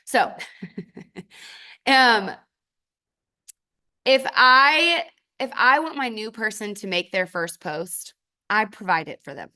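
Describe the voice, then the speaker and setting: A woman and mother speaking as a guest trainer, giving a motivational sales talk in short, emphatic commands with sudden jumps in pitch for stress. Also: takes it slowly, long pauses, sharp tone. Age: adult with children. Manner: addresses the audience directly in short commands.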